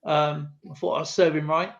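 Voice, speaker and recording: A man's voice: on the high side, level tone, moderate pace, vocal fry. A man hosting a live stream, telling a rambling anecdote in a casual, chatty way with lots of fillers and asides. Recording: slightly muffled lo-fi stream audio.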